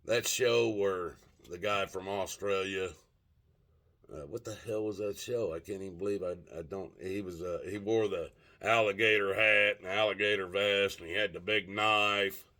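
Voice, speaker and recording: A man's voice: on the low side, steady tone, normal speed, pushed and bright. An older man telling a rambling, profane story in a casual vlog, often stopping to search for words. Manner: rambling, profane, gropes for words with many fillers. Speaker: vlogger.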